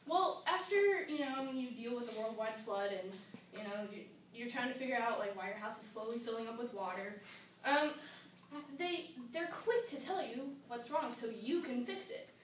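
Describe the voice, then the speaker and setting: High-voiced young woman with a sarcastic comic rant. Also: lively intonation, a little fast. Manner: sarcastic, acts out panicked quotes. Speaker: student giving a speech. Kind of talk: comic complaint speech. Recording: echoey room, mic far off, noisy.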